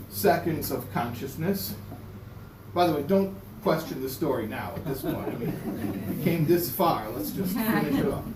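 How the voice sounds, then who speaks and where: In a synagogue classroom, a man with a voice on the high side gives a lecture built around a told story. He's an animated storyteller who stumbles, repeats words, and voices characters, and the recording is noisy, echoey, and distant.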